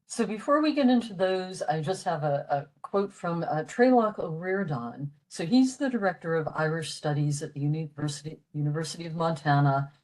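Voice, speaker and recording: A woman's voice: low voice, expressive, moderate pace, few pauses, darkish tone, rough recording. An older woman from western Pennsylvania giving a patient, explanatory library talk, with frequent fillers. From western Pennsylvania, USA. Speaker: library program presenter. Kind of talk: informal language lecture.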